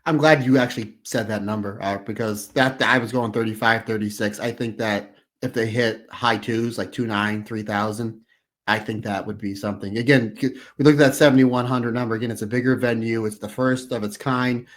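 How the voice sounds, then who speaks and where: A man's voice: fairly low pitch, steady tone, brisk. A man co-hosting a casual podcast, friendly and conversational, often saying "you know". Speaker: podcast co-host.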